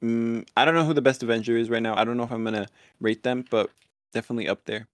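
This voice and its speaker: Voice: mid-range voice, steady tone, quick pace, no room sound. A co-host chatting casually on a podcast, easygoing and playful, laughing often. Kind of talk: casual chat.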